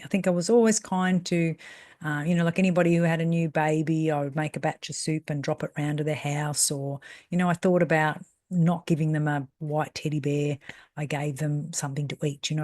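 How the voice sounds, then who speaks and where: A woman's voice: deep voice, fairly even intonation, brisk, a little mellow, no echo, studio quality. A woman, a salon mentor telling personal stories in a rambling, chatty way. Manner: chatty, rambling, with fillers and self-corrections; acts out voices in quoted speech. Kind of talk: casual storytelling monologue.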